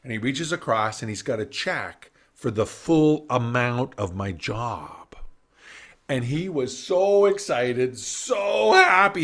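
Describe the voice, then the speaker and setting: On the high side in pitch, a middle-aged business speaker recounts a story at a summit with plenty of animation, acting out each voice he quotes. The sound is from a video call mic.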